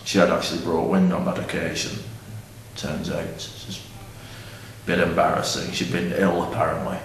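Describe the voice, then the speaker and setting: A man's voice: extremely low pitch, completely flat delivery, moderate pace, recorded from a distance, slight background noise. Rambling blunt man. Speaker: comic character monologue. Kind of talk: deadpan comic monologue. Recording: echoey room from off-mic.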